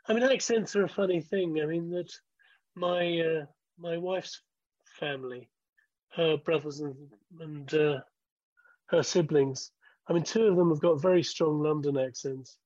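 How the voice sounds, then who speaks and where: Interview guest, man in his sixties. Measured, restarts his thoughts. Dry, dull lo-fi sound. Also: fairly high pitch, darkish tone, dry recording. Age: 60s. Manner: measured, thinks aloud with restarts. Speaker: guest, former broadcaster. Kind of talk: conversational interview.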